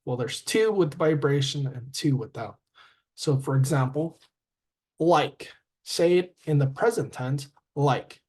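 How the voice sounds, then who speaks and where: A man teaching a grammar lesson, halting with fillers and self-corrections and sounding out word endings. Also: fairly high pitch, animated, darkish tone, husky. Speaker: English teacher.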